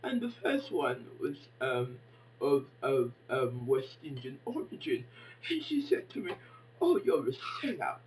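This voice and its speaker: A woman in her fifties giving an impassioned monologue, dramatic and exclaiming, swinging between hushed and loud. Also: rumbling low, sing-song, a little slow, far from the mic, slight background noise, low-quality recording. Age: 50s. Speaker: poet and commentator.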